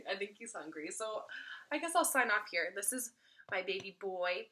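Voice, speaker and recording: A young mother giving casual parenting advice to the camera. Her voice has a bright, forward edge, and she talks earnestly, repeating key points for emphasis. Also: medium pitch, animated, normal speed. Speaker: mom vlogger.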